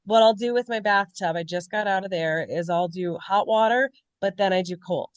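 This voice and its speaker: A woman's voice: medium pitch, moderate pace, no echo. A woman co-hosting a podcast, talking candidly and in a rambling way about personal struggles in casual chat. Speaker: podcast co-host.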